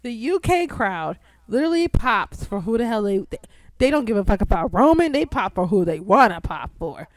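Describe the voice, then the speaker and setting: A young woman hosting a casual podcast, swearing freely and bursting into loud, excitable outbursts. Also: mid-range voice, moderate pace, no room sound. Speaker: podcast host.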